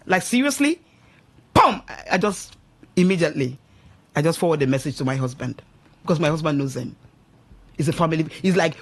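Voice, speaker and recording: A woman's voice: fairly low pitch, animated, fairly quick, slightly rough. A middle-aged Nigerian woman giving emphatic, sermon-like marriage advice on a radio show, often asking listeners if they understand. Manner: emphatic, exhorting, keeps asking "do you understand?". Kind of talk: preachy radio advice talk. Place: radio studio.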